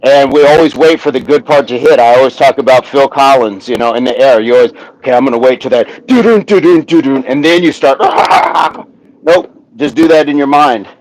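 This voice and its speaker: A man hosting a live workout stream, counting reps aloud in steady pairs and joking with the viewers who are following along. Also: medium pitch, moderate pace, no room sound, poor audio.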